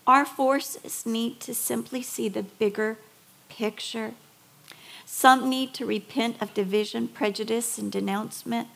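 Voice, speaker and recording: A middle-aged woman delivers a sermon with a gravelly, creaky edge to her voice. Her pitch sits a little high for a woman. She tells stories with feeling and hammers home her points with emphatic repetition. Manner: emotional storytelling, building to emphatic repetition. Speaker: preacher.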